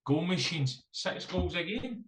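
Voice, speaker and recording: A man's voice: high-pitched, expressive, measured pace, a bit bright, distant mic. Joking Scottish man in an echoey room. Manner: joking, swears, says "mate" constantly. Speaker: co-host. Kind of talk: casual football podcast banter.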